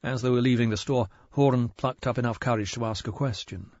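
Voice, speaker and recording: A man narrating a mystery audiobook in a measured, even storytelling manner. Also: mid-range voice, no echo, lo-fi sound. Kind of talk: scripted narration.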